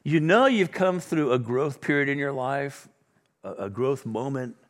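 A middle-aged man preaching a sermon, acting out the dialogue with sudden loud bursts and soft drops. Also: mid-range voice, animated, measured pace. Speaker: pastor.

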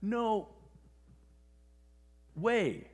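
A preacher doing a brash, astonished action-star dude. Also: male voice, mid-range voice, measured pace, breathy edge, long reverb tail. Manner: surprised, loud, breezy dude talk. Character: brash skeptical male Hollywood action star.

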